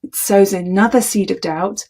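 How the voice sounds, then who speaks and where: Woman coach talking to camera, kinda husky voice, deliberate and emphatic. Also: medium pitch, steady tone, a little mellow. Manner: deliberate, emphatic, demonstrates tones aloud. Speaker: communication coach. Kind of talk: talking-head coaching video.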